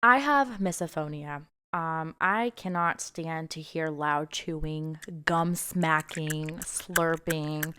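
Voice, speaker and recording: A woman's voice: sits low, takes it slowly, hardly any pauses, pushed and bright, smooth. A young woman co-hosting a podcast, chatting casually, ranting in an exasperated way and laughing often. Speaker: podcast co-host. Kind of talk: casual chat.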